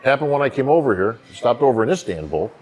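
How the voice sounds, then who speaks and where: A man in his fifties with a New York accent, telling stories as a podcast guest with a distinct, calming voice and plenty of "you know" asides. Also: medium pitch, quick pace. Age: 50s. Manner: rambling storyteller, many "you know" fillers. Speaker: bodybuilding emcee, guest. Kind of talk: casual podcast conversation.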